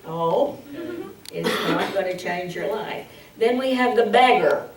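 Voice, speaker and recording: A woman's voice: mid-range voice, measured pace, background noise. A woman giving a public speaking training talk, playful and full of uh fillers, acting out bad habits. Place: large hall. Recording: echoey hall from far off.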